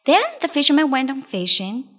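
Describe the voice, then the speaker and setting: A woman reading a children's storybook aloud, in a slow, lively, expressive way. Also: sits high. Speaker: storybook reader.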